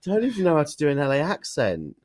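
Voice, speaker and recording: A man's voice: fairly high pitch, huge pitch swings, fast talker, a little mellow. A man co-hosting a podcast, chatting in a giggly, self-mocking way. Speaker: podcast co-host. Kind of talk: casual chat.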